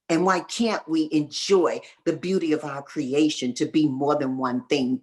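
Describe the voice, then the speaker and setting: A woman from North Carolina with a Southern accent, a guest in a fireside chat, telling stories in an emphatic, folksy, motivational way and slowing down to repeat key lines. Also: low voice, steady tone, a little mellow. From North Carolina, USA. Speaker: guest entrepreneur.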